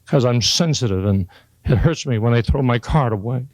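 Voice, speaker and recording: A man's voice: normal speed, no echo. An older man giving a folksy, joking motivational speech to a live audience. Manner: homespun, joking, swings to high excited peaks. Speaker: motivational speaker.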